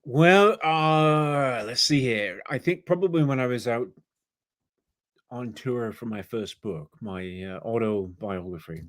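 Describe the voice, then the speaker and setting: A man's voice: medium pitch, takes it slowly, a bit bright, no echo, clean studio sound. A man from England, an author guest on a podcast, telling rambling stories full of asides. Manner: rambling, storytelling with fillers and asides. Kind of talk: casual interview storytelling.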